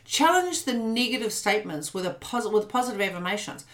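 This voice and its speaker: A woman's voice: mid-range voice, expressive, fast talker, a bit bright. A woman co-hosting a podcast in casual chat. She is blunt and swears freely. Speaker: podcast co-host.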